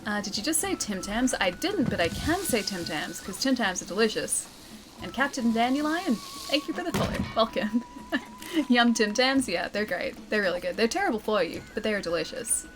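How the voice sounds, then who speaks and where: A woman's voice: mid-range voice, expressive, normal speed, background noise. A young adult woman with an Australian accent, chatting casually on a live stream while gaming, laughing often as she answers chat.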